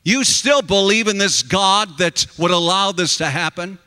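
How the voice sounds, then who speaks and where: Angry wife read by a male preacher: bitter questions, bright, slow. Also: high voice, clean tone. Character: bitter angry wife, middle-aged woman.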